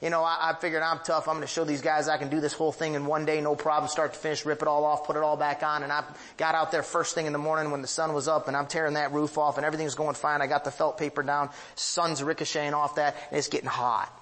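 Delivering a sermon quickly with few pauses, a pastor from the northern United States sounds flat yet a bit bright. His manner is still emphatic and confessional, anecdotal storytelling marked by sweeping pitch rises and big vocal swings.

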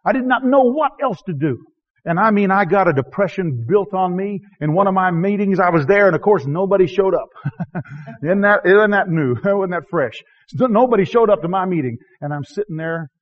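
A high-pitched man preaches a sermon, swinging between shouting and hushed tones and chuckling as he goes. His voice comes through a dull, lo-fi recording with muffled highs. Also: expressive, moderate pace. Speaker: missionary preacher.

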